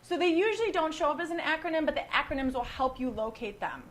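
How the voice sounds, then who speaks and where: High-voiced joking American wine teacher woman. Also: expressive, fast talker. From United States. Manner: chatty, joking, teasing. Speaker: wine educator and host. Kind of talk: casual online wine class.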